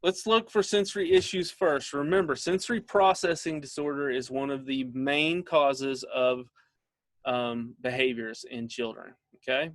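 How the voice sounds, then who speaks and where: A man's voice: mid-range voice, steady tone, measured pace, a bit bright, dry recording. A middle-aged man, a father, leading a casual training session for parents and often checking in with his listeners.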